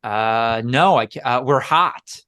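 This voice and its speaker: A man's voice: medium pitch, takes it slowly, bright, forceful tone. A man in his late twenties, co-hosting a podcast in casual, joking banter with friends. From Wisconsin, US. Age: 20s. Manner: joking, rambling, restarts a lot. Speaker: podcast co-host. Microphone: podcast microphone.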